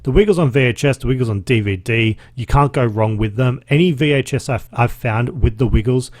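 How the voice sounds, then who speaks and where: A man in his thirties with an Australian accent talks in a loose, chatty way, swearing often. His pitch is mid-range for a man. The recording is dry and close, with no room sound. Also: brisk, a little mellow, no room sound. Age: 30s. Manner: chatty and profane, with laughs. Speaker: podcast host. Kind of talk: casual solo podcast recap.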